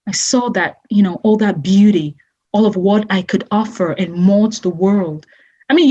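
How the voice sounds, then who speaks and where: Husky-voiced woman giving effusive thanks. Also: mid-range voice, mellow, muffled recording. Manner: effusive, repeats imagery, laughs often. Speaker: guest, entrepreneur. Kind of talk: emotional testimonial interview.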